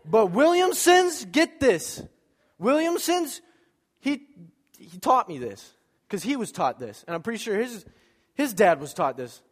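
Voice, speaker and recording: In a church sanctuary, a male pastor from the American Midwest delivers a sermon as lively storytelling, joking with the congregation and slipping into voices to act out scenes. His slightly high, slightly rough voice is unhurried. It rings through the church with a long reverb.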